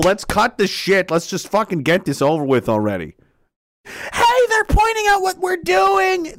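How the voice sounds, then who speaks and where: A man's voice: high-pitched, no echo, clean studio sound. Sarcastic, profane ranting man. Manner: profane, sarcastic, shouting outbursts. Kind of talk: angry political rant.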